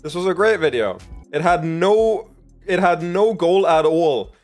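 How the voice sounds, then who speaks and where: A man's voice: fairly high pitch, animated, a little slow, a little mellow, faint music behind. A man streaming a video game, chatting casually, swearing a lot and reading game text aloud.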